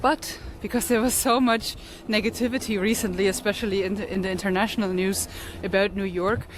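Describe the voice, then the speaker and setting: A woman's voice: mid-range voice, fairly even intonation, brisk. A woman chatting casually on a travel vlog, thoughtful and laughing between remarks. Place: outdoors in a city. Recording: outdoor street noise with traffic.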